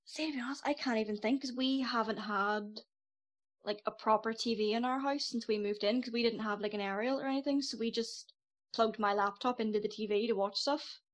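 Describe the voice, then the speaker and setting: Relaxed woman, slightly high voice. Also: fairly quick. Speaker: podcast guest. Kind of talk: casual chat.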